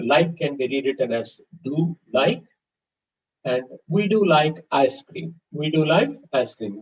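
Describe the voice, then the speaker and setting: A man's voice: a little high, darkish tone. A man teaching a live grammar class, patiently repeating example sentences. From India. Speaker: English teacher. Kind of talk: live online grammar lesson. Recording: distant, dull-sounding mic with faint background hiss.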